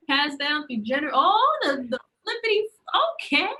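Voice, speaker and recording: Her voice sits high and moves at a moderate pace with few pauses, captured in low quality. She's a young woman co-hosting a relaxed conversation, spinning lively stories and acting out what others said.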